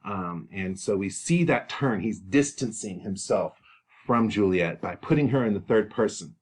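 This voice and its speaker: Brief: male teacher walking students through a play, very lively intonation, animated and exclamatory. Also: lowish voice, unhurried, slightly rough.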